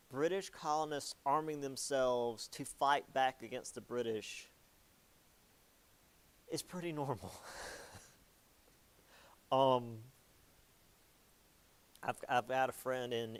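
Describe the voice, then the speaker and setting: A man's voice: medium pitch, clean tone. A young man giving a casual history lecture, chatty and jokey, with many ums and likes.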